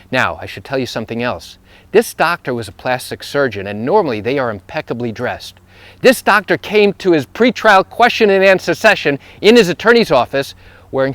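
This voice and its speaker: A personal injury lawyer with a medium-pitched, fairly bright voice tells a story while walking outdoors through a neighborhood, captured in a dry recording. He's emphatic and repeats phrases, his intensity rising as he retells events.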